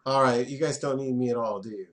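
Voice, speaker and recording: A man's voice: mid-range voice, quick pace. A man, teaching a French class in a classroom and having students repeat words back.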